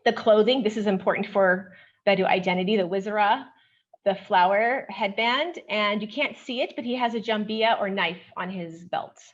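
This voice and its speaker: Woman, conference paper presentation, measured and explanatory, middling pitch, dull muffled recording. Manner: measured, explanatory, often starts sentences with "okay".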